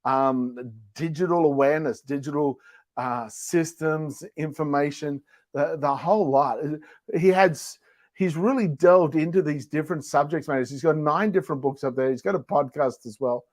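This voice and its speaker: A man's voice: on the high side, normal speed, a little mellow, dry recording. A man co-hosting a casual talk show, telling stories with a playful manner and mimicking animal and neighbor voices. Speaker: co-host. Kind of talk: casual chat.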